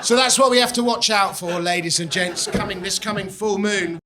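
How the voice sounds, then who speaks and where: A man's voice: high-pitched, brisk, very noisy. A man doing a stand-up comedy set on a club stage, telling wry, rambling stories into a handheld mic.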